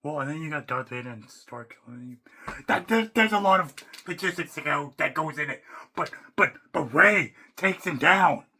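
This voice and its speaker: A man ranting off the cuff as a fan, rambling and excitable, restarting sentences and swearing casually. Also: a little high, moderate pace, a little hiss or hum. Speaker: YouTuber. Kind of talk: unscripted fan rant.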